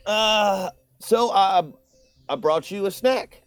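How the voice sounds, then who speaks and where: A man's voice: sits high, slow, a bit bright, clean tone, dry recording. A man playing a tabletop role-playing game, talking in a playful, joking way. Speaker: player.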